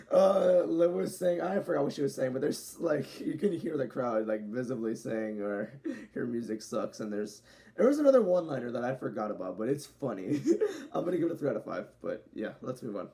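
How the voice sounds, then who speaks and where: A man's voice: a little high, sing-song, fairly quick, gravelly, dark tone. A young man giving a casual, rambling wrestling show review, correcting himself and laughing often.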